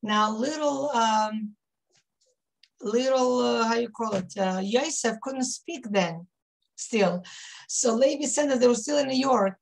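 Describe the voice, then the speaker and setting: Her voice is a little high and creaky, and she takes it slowly, with slight background noise behind her. The Israeli rebbetzin in her fifties reminisces to her women's class in warm stories full of fillers and restarts.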